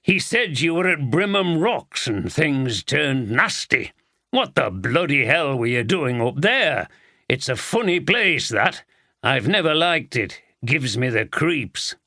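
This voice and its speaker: A man voicing a gruff, blunt older police chief with a Yorkshire accent, in an audiobook. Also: mid-range voice, very animated, slow pace, bright, forceful tone, no room sound, clean studio sound, exaggerated voice. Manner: blunt, swears casually.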